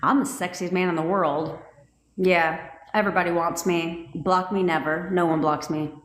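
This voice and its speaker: A woman's voice: fairly low pitch, fairly even intonation, normal speed, echoey room, close to an everyday voice. A woman putting on a swaggering, boastful young man. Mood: cocky. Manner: brash and boastful.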